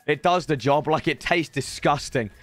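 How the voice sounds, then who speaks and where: A hoarse man with a British accent, commentating on a live stream as he opens packs, excitable and breaking into shouts at big reveals. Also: a little high, normal speed, no echo, soft background music.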